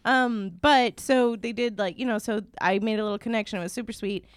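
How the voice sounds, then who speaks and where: A woman's voice: on the high side, fairly even intonation, fairly quick, clean tone, dry recording, clean studio sound. A young adult woman co-hosting a podcast, telling a long anecdote in casual chat with lots of fillers. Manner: rambling anecdote with many fillers. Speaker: podcast co-host.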